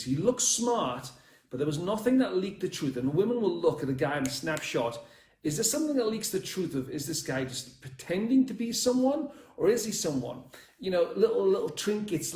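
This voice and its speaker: A man's voice: a little high, a little mellow. Blunt rambling man in an echoey room. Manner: rambling, blunt, swears freely, addresses live viewers. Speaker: dating coach. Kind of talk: live stream coaching talk.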